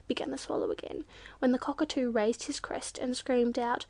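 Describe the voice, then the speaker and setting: A woman narrating a children's storybook, lively and playful, changing her voice for the animals. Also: normal speed, vocal fry, no echo. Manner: lively, shifts pitch for quoted animals. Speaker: audiobook narrator.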